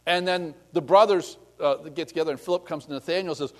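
A man's voice: a little high, fast talker. A man preaching a sermon in a conversational way, acting out scripture scenes in different voices. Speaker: pastor.

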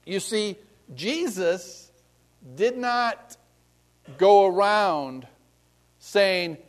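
A man's voice: sits high, lively intonation, very slow, pauses often. A man preaching a sermon in a conversational way, acting out scripture scenes in different voices. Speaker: pastor.

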